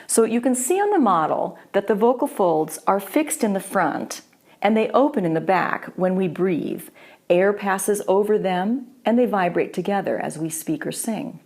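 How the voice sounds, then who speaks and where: Woman voice coach explaining singing basics, calm and clear, middle pitch. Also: moderate pace. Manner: clear, patient demonstrating. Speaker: voice teacher. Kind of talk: instructional voice lesson.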